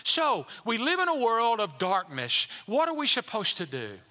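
A man's voice: sits high, wildly swooping pitch, moderate pace, bright, forceful tone, long reverb tail. A man preaching a sermon as pastor, emphatic and repetitive, building in intensity.

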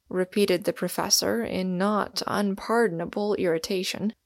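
A woman narrating a classic novel as an audiobook in a plain, steady reading. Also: fairly low pitch, moderate pace, creaky, few pauses, no room sound, clean studio sound.

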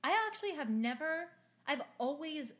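A woman's voice: high-pitched, lively intonation, fairly bright tone. Chatty woman co-host. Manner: chatty, reacting with quick comments. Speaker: podcast co-host. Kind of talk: casual chat.

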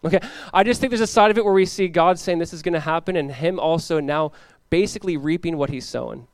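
A man's voice: on the high side, no room sound. A man preaching an expository sermon as pastor, acting out the characters he talks about. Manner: animated, acts out biblical characters in quick voices.

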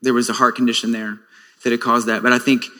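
A man in his forties sharing a personal testimony in a sermon, earnest and reflective, often pausing with fillers and restarting his sentences. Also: medium pitch, level tone, sharp tone, in a large hall.

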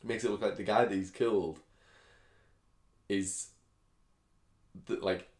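Casting: male podcast co-host, low-pitched, rambling casual chat, roomy echo. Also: steady tone, takes it slowly, a little mellow. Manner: rambling, laughs often, slips into silly voices.

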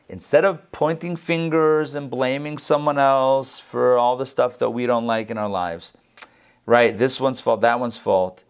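Chatty middle-aged man teaching scripture. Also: mid-range voice. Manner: joking, repeats words, chatty asides. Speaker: rabbi teaching Torah class. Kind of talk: conversational Torah sermon.

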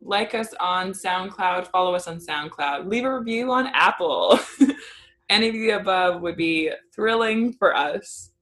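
A woman's voice: mid-range voice, expressive, unhurried, fairly bright tone, slight background noise. Bubbly woman co-host, casual podcast banter, giggly and upbeat. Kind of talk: casual chat.

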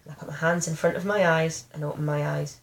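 A woman, candidly telling personal stories in an animated, self-deprecating way. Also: low-pitched, fast, gravelly. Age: 30s. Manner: frank, animated storytelling with self-deprecating humor.

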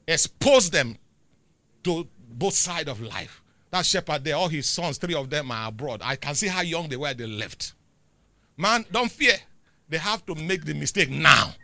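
Nigerian pastor man preaching, swings loud then quiet, sharp tense voice, dry close sound. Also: on the high side, no room sound. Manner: emphatic, swings between loud declarations and quiet asides. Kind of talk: sermon.

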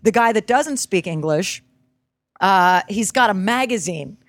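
A woman comedian telling lively stories in casual chat, acting out bits of dialogue. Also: mid-range voice, measured pace, no room sound. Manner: animated anecdote teller acting out dialogue. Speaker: comedian guest. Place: hotel room.

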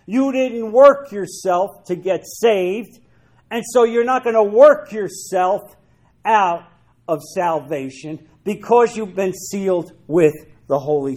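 A man's voice: high-pitched, darkish tone. A man preaching a sermon, emphatic, repeating his key phrases for weight.

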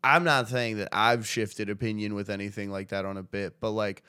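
A young man chatting on a podcast with friends, his voice smooth and resonant and recorded dry and close. He talks loosely and swears freely, often laughing and acting out what other people said. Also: fairly low pitch, steady tone, moderate pace, sharp tone, dry recording. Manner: loose and profane, laughs a lot, acts out quotes. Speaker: podcast co-host. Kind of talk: casual chat.

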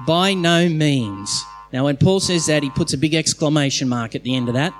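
A man with a fairly high voice preaching in church. He is emphatic, racing through some phrases and slowing right down to stress others. Now and then he stumbles and restarts a thought. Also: faint music behind. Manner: emphatic, pace swinging between quick bursts and slow stresses; restarts and trips over phrases mid-thought. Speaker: pastor. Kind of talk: sermon. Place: church hall, in front of a congregation.

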